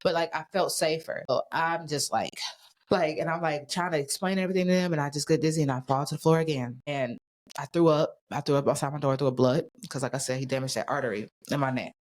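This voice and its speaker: A woman speaking as a podcast guest, telling her story in plain casual talk. She is blunt and swears often, moving quickly from one event to the next. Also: deep voice, darkish tone. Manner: blunt, swears freely, tells events rapidly.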